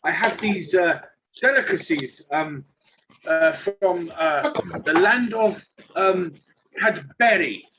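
A man playing a tabletop role-playing game, joking and hesitating, with lots of pauses. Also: high-pitched, noisy background. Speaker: player.

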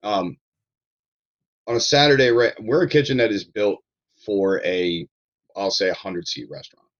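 A man's voice: fairly low pitch, normal speed, lo-fi sound. A man with a Baltimore accent, a chef talking candidly and casually as a podcast guest. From Baltimore area, USA. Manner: candid, rambling, swears casually.

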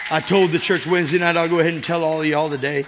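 A middle-aged male pastor, preaching a sermon, rousing the church to shout amen and then telling folksy family stories. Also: fairly high pitch, steady tone, fast, crowd noise, noisy background. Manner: exhorting, calls for shouts and amens; folksy storytelling with his congregation.

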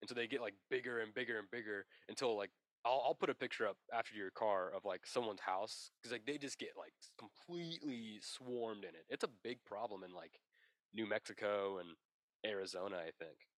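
A man co-hosts a loose, comedic podcast chat in a lowish voice. He rambles and invents ridiculous tall tales while keeping a straight face. His voice sounds dry and close, with no room echo. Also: brisk, fairly bright tone. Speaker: podcast co-host.

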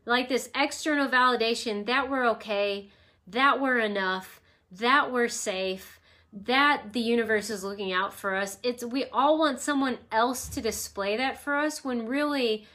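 A woman's voice: on the high side, measured pace, bright, forceful tone. A woman hosting an emotional wellness talk at home, teaching in a rambling, reflective, conversational way with personal stories. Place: at home with her dog nearby.

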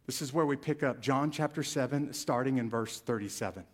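A pastor preaches a sermon in a mid-range voice, a little fast, his delivery animated and swelling louder to emphasize key phrases.

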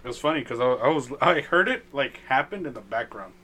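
A young man co-hosting a casual podcast, relaxed and laughing, often trailing into a low mumble. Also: a little fast. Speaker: podcast co-host. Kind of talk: casual chat.

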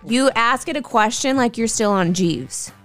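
A woman's voice: on the high side, normal speed, a bit bright, soft background music. A woman co-hosting a morning radio show, teasing her partner in dry, unimpressed banter.

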